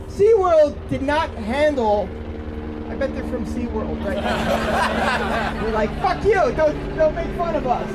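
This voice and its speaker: Man doing a brash stand-up set, high pitch, packed noisy room, crowd roaring. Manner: brash, sardonic, mock-earnest. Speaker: stand-up comedian. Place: comedy club stage. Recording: live club with loud crowd laughter and noise.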